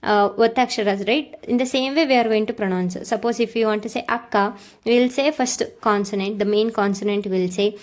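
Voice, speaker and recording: A woman's voice: mid-range voice, brisk. A woman teaching a language lesson, repeating words and checking in with "okay" and "right.". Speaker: Kannada teacher. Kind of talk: slow explanatory lesson.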